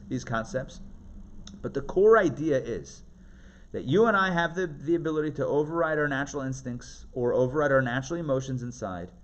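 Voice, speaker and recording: A man teaching a live class as a rabbi, his voice fairly high for a man and swinging widely in pitch. He talks in a chatty, animated way, keeps checking in with his listeners and laughs easily. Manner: animated, chatty, asks the audience questions, laughs often.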